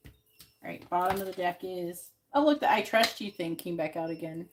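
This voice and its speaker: A woman doing a live tarot reading speaks at normal speed in a voice on the low side. She's blunt and swears a lot, asking her questions again and again as she shuffles, all over loud background noise on the stream.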